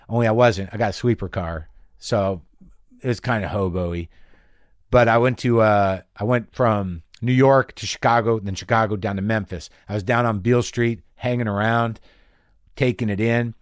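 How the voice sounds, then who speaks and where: A middle-aged man hosting a podcast from his garage, telling rambling stories in an animated way, swearing freely. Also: fairly low pitch, fairly quick, no room sound, clean studio sound. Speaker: podcast host. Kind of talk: casual monologue. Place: home garage.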